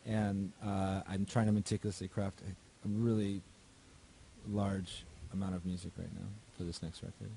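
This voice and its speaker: A man's voice: deep voice, little pitch movement, normal speed, gravelly, mellow, a little hiss or hum. A male musician talking casually in an interview, loose and rambling with plenty of fillers. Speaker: musician guest.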